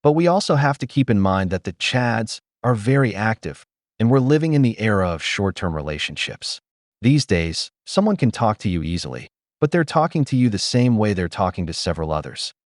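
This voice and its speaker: Blunt man with a low lively voice. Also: a little fast, no echo, clean studio sound. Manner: blunt, opinionated. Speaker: commentary host. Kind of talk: reaction commentary.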